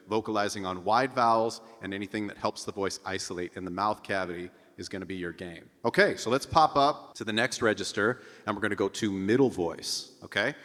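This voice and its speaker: A man teaching a singing lesson as a vocal coach, explaining clearly and often checking in with "okay?". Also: fairly low pitch, a bit bright. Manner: instructive, checks in with "okay?", calls out over the exercises. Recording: long reverb with piano music behind. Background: piano.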